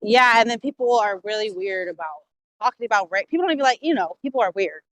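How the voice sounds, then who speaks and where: A woman's voice: medium pitch, lively intonation, fairly bright tone, dry recording, poor audio. A woman hosting a casual livestream discussion, talking emphatically and swearing freely. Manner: emphatic, profane, quick. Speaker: stream host.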